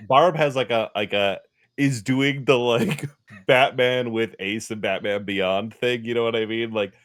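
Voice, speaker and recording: A man's voice: mid-range voice, a little slow, a bit bright. A man playing in a casual tabletop game, rambling and laughing as he talks. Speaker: player.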